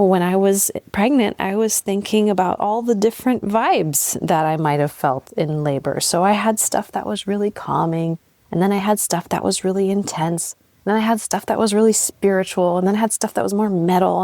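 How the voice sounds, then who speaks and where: A woman's voice: mid-range voice, moderate pace, creaky, no echo. A young adult woman hosting a podcast, telling a candid personal story with laughs and blunt swearing. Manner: candid and animated, swears freely, laughs at herself. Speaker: podcast host.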